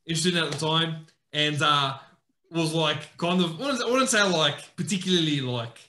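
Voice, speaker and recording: A man's voice: fairly high pitch, normal speed, echoey room. A man telling a story in casual chat on a podcast, acting out his friends' lines. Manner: animated, acts out friends' lines in raised voice. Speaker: podcast co-host.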